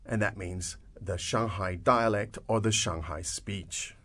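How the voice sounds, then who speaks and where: A man's voice: fairly low pitch, slow pace, fairly bright tone. A man hosting a language podcast lesson, translating phrases and explaining words with frequent restarts and fillers. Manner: restarts and "uh" fillers, upbeat encouragement. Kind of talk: teaching English speakers.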